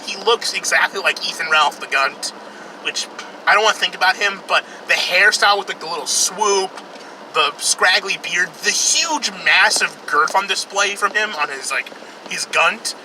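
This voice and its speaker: A man's voice: high-pitched, background noise. A young man casually reviewing a film while driving, rambling, profane and sarcastic. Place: in a car, outdoors traffic.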